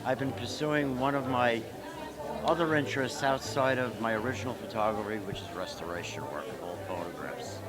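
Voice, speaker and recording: A man with a mid-range voice explains his photography work at an exhibition opening. He talks in a relaxed way and stops often for "uh" fillers. Loud crowd chatter fills the background. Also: medium pitch, a little fast. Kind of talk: interview answers.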